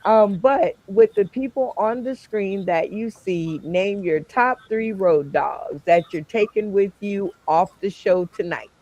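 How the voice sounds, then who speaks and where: Brief: higher-voiced man host, unhurried, dry dull stream audio. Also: darkish tone, no room sound. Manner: laid-back, chuckling, slow. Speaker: game show host. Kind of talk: casual comedy show hosting. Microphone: video call.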